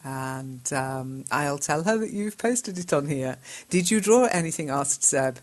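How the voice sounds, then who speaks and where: A woman's voice: deep voice, animated, takes it slowly. A woman hosting a lesson, reading out learners' posts, patiently correcting them and laughing often. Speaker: English teacher and host.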